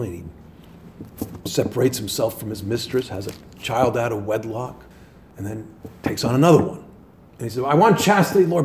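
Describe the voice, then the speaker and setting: A man's voice: medium pitch, a little mellow. A male priest giving a spoken meditation in a conversational, storytelling way, with many fillers.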